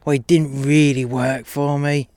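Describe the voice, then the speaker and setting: A man's voice: fairly high pitch, flat delivery, unhurried, a little mellow, no echo, lightly acted. A man playing a crude, mocking pimp boss who swears constantly.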